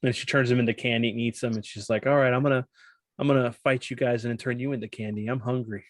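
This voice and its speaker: A man's voice: medium pitch, steady tone, quick pace, dry recording, clean studio sound. A man hosting a casual podcast chat, joking around and tripping over his words. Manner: stumbles over words, jokey. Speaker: podcast host.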